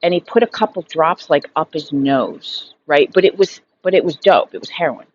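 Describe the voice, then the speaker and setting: A woman's voice: low-pitched, normal speed, a little mellow, muffled recording, a little hiss or hum. A woman in her thirties telling a story in a casual vlog monologue, frank and rambling, swearing freely and filling her sentences with fillers. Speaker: recovery vlogger.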